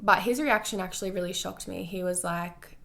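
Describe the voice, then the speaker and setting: A woman's voice: lowish voice, brisk, gravelly, a bit bright. A young woman telling a personal storytime to her vlog viewers, candid and full of "like" fillers and swearing. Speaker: vlogger.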